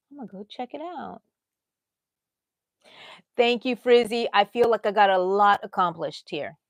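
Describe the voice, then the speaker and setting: A woman's voice: a little high, dry recording. A middle-aged woman, hosting a casual crochet livestream, rambling and chatting with viewers as she works.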